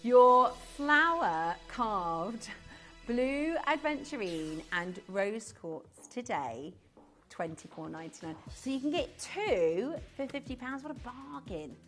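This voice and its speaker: A woman chats through a live TV shopping segment with a bubbly, giggly ease. Her pitch swings widely as she talks, and soft music plays faintly behind her. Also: big pitch swings, slow. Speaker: shopping channel presenter. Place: TV studio.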